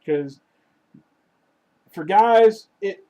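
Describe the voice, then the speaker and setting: A man with a high voice rants to his viewers in a crude, profane, joking vlog. He swings between loud lines and muttered asides. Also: extremely slow, highs cut off. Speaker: vlogger. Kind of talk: casual rant to camera.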